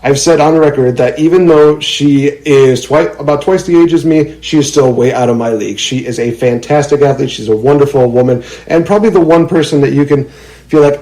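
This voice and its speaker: A young male podcast host who rolls out his guests with playful, over-the-top announcer-style introductions. His voice sits at a middle pitch and sounds like ordinary casual chat. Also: brisk, mellow, low-quality recording.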